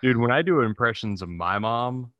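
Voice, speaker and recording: A man's voice: medium pitch, animated, normal speed, dry recording, dull audio. A man in his thirties with a slight Southern twang, chatting on a podcast in a drawling, profane, joking way. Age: 30s. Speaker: podcast co-host. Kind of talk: casual chat.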